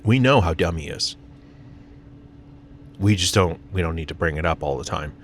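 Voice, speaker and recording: American guy, deeper register, self-deprecating rambling vlog from his car, faint hiss behind. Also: animated, moderate pace. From United States. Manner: rambling, self-mocking, many fillers and restarts. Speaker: vlogger. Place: parked car, in the sun.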